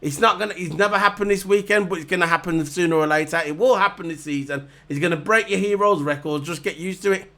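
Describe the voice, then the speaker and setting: A man's voice: sits high, fast talker, few pauses, fairly bright tone. A man, ranting in a heated, mocking way and repeating his points over and over. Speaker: vlogger reviewing races. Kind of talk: ranting casual monologue to camera.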